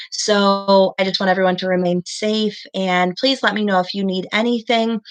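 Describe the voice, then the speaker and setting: A young woman teaching a second grade class over a live stream, praising students warmly and spelling things out slowly. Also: mid-range voice. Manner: encouraging, slow and deliberate with children.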